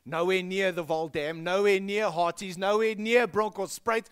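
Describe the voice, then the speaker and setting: An animated South African man preaching, emphatic and lively. His voice sits high and bright, and he dips low to drive points home. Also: moderate pace, clear, resonant tone. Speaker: pastor. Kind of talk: sermon.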